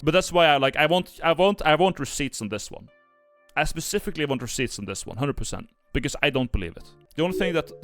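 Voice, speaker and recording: Rambling Norwegian man with lively pitch. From Norway. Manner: rambling, restarts, many "like" fillers. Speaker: streamer. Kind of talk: casual stream commentary.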